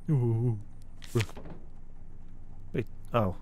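A man's voice: on the high side, animated, moderate pace, pauses often, slight background noise. A man streaming a horror game, chatting casually and swearing freely as he reacts with startled exclamations. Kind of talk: casual live-stream commentary while playing a horror game.

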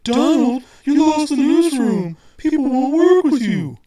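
A man putting on a high, insistent newspaper boss. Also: very animated, unhurried, dark tone, echoey room, far from the mic, exaggerated voice. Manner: insistent, repetitive. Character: prim newspaper boss pressing a reporter to quit.

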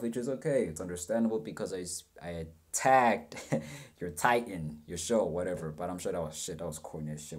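A man's voice: lowish voice, dark tone. A young man giving a rambling, self-mocking reaction commentary, swearing freely as he goes. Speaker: reaction video host.

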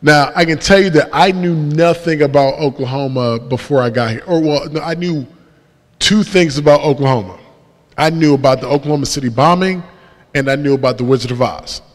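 A man's voice: fairly high pitch, a little fast. Self-mocking man telling a story in a reverberant church. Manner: lively storyteller who acts out dialogue and laughs at himself. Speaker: guest speaker. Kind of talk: storytelling testimony. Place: church sanctuary. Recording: long church-hall reverb.

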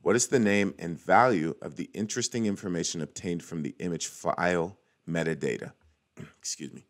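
A man's voice: low-pitched, moderate pace. A young man hosting a casual screen-recorded walkthrough, chatty and cheering small wins as he goes. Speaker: cybersecurity tutorial host.

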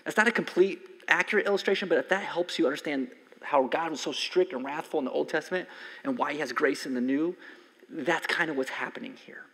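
A man in his forties preaching a conversational sermon as a pastor, swinging from loud emphasis to soft near-whispers. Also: on the high side, brisk, slightly rough. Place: church sanctuary. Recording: long hall reverb from a church sanctuary.

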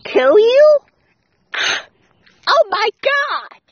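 Excitable woman, high lively voice, unhurried delivery, exclamations and swearing, dull lo-fi audio with faint music. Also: dry recording.

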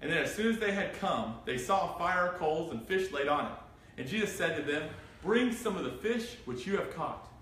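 Animated preacher in an echoey room. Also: male voice, fairly high pitch, normal speed. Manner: animated, asks the group questions, reads scripture aloud. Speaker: pastor. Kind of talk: interactive Bible study sermon. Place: church room. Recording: echoey room from far off, faint noise.

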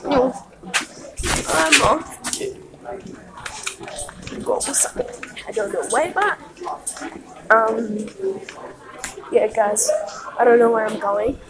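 A teenage boy vlogging casually, excitable and shouty, swearing and laughing as his voice keeps cracking. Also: very high-pitched, slow pace, pauses often, very noisy. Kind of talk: casual vlog chat.

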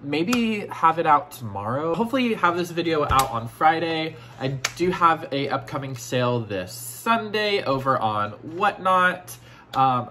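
A man unboxing vintage toys in a casual vlog, effusive and gushing, often dropping into breathy near-whispers. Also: medium pitch, pushed and bright, a little hiss or hum. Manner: gushing, effusive, repeats "oh my gosh". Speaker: vintage toy collector and seller.

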